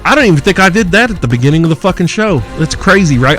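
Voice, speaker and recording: A man's voice: high-pitched, expressive, fast talker, few pauses, a bit bright, faint music behind. Brash profane podcast host man. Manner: profane, brash, mocking rants with frequent laughs. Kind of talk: crude listener Q&A podcast.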